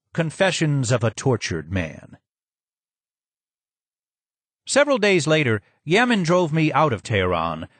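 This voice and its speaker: A man's voice: medium pitch, no room sound. Man narrating an audiobook. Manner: measured, descriptive storytelling. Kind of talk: first-person audiobook narration.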